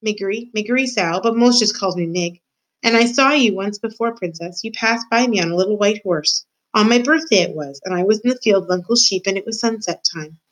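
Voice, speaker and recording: A woman reading aloud and voicing a clumsy, hard-of-hearing servant girl who shouts in rustic grammar. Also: mid-range voice, brisk, natural voice. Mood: eager. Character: clumsy loud half-deaf servant girl.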